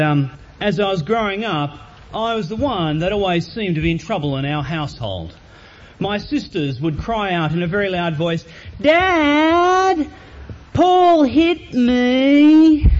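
A middle-aged man preaching a sermon in church, telling a reflective, earnest story with frequent hesitations. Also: on the high side. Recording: muffled church recording with faint hiss.

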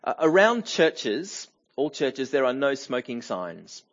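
A man's voice: medium pitch, very animated, takes it slowly, fairly bright tone, highs cut off. A middle-aged man preaching a sermon in a church, talking in a conversational way with many fillers and restarts. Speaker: pastor.

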